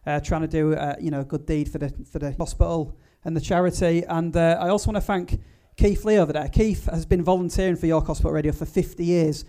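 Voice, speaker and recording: Male podcast host, live event; fast, chatty, filler-heavy, mellow tone. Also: a little high, fairly even intonation. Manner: chatty, with frequent fillers and restarts. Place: live event before an audience.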